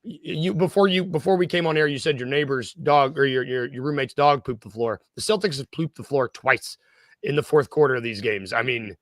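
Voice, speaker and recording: A man's voice: medium pitch, fairly quick, no echo, clean studio sound. A man hosting a casual sports podcast, jokey and self-deprecating, rambling through his points. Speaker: podcast host.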